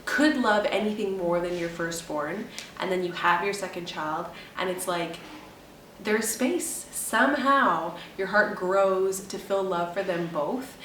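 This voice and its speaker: A young woman vlogger chats casually to her camera, rambling and emotional, often dissolving into laughter. Her mid-pitched, somewhat bright voice is unhurried and recorded from a distance, a bit away from the mic. The room echoes, and a faint hum runs underneath.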